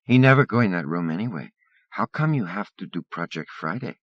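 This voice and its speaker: A man voicing a soft-spoken young Vietnamese immigrant girl who speaks slow, broken English in an airy voice. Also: low voice, expressive, dry recording, lo-fi sound, voice pushed up. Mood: puzzled, earnest.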